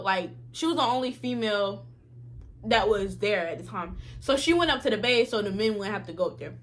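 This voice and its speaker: A young woman vlogger telling a casual storytime, slangy and animated, acting out what others said. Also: a little high. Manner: animated, slangy, acts out quotes.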